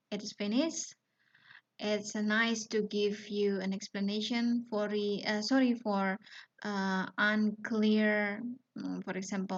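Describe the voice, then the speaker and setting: Slow, careful woman teacher, lo-fi audio. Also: medium pitch. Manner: slow, careful explaining with many fillers and "yeah?" checks. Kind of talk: recorded online lesson. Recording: dull lo-fi home video audio.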